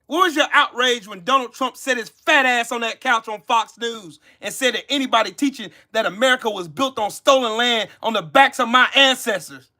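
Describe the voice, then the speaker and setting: Furious cursing man, sharp forceful voice. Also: very high voice, normal speed, hardly any pauses. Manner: heated, cursing, accusatory, repeating lines. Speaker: channel host. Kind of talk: angry profane rant to camera.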